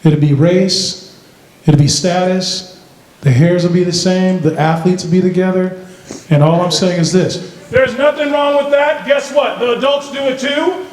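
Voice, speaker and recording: High-voiced animated male speaker. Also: moderate pace. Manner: animated, playful, quizzes the crowd. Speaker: motivational youth speaker. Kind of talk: motivational school assembly speech. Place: large school hall with student audience. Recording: echoey hall with background noise.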